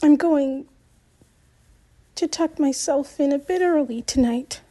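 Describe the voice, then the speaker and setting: A woman's voice: slow pace, mellow. A woman reading an audiobook, voicing a distraught middle-aged mother who keeps breaking into tears. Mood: weary. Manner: tearful, high and trembling. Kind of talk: audiobook character voice.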